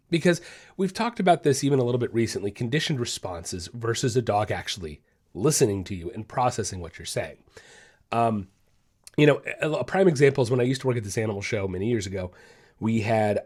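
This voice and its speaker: Animated male dog-training podcast host. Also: medium pitch. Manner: animated, emphatic, repeats phrases for stress. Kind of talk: casual podcast talk.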